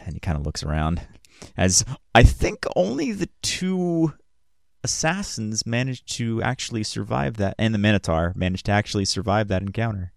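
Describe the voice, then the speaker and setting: A man's voice: lowish voice, big pitch swings, moderate pace, gravelly, no echo, clean studio sound. A man who narrates a tabletop game as game master in a hesitant way, with many fillers.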